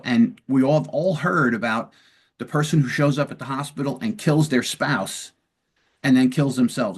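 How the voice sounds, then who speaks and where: Conversational male interview host. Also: mid-range voice. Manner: conversational, acts out dialogue examples. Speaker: podcast host and police lieutenant. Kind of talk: long-form interview, explaining de-escalation.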